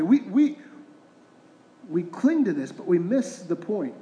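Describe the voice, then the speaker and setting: A man's voice: high-pitched, big pitch swings, slow, mellow, highs cut off. A middle-aged man, a pastor, preaching a conversational sermon full of rhetorical questions. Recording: roomy echoing hall.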